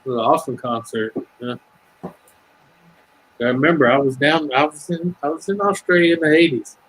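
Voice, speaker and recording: Husky Southern-accented man, rambling chat. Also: fairly high pitch, fairly quick, fairly bright tone, low-quality recording. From Ohio. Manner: rambling, swears freely, breaks into singing lines. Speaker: livestream chat guest. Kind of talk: casual chat.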